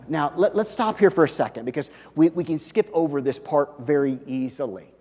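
Male pastor, sermon, fairly high voice, chatty preaching style, keeps asking "okay?", long church-hall echo. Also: a little fast, few pauses, a little mellow.

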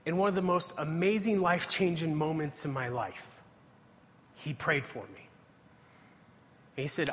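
A man's voice: on the high side, a little slow, pauses often, a bit bright, slight background noise. Earnest male preacher in a reverberant hall. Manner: earnest storytelling, reads scripture aloud. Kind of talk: testimony sermon.

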